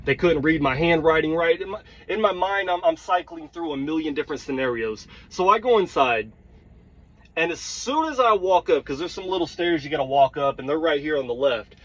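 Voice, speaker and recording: A man's voice: a little high, expressive, a little fast, fairly bright tone, low-quality recording. A truck driver telling a heated, blunt story, swearing and checking in with his listeners as he vents. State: tired. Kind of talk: storytelling vlog rant.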